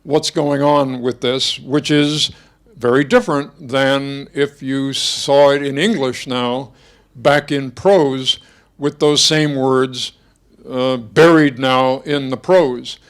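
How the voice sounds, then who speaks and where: Older man musing in halting lecture. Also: mid-range voice, steady tone, clean tone. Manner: thoughtful, halting, many restarts and fillers. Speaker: guest speaker giving a masterclass. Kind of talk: reflective lecture talk. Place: lecture hall before an audience.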